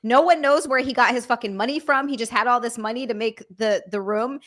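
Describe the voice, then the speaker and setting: Bright-voiced woman co-hosting a stream. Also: on the high side. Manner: quick reactions, swears, laughs often. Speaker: co-host. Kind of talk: casual chat.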